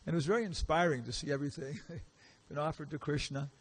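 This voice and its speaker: A man's voice: on the high side, steady tone, fast, slightly rough. A man giving a casual, storytelling lecture in a temple hall, acting out the characters he quotes and asking the audience questions. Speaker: visiting lecturer.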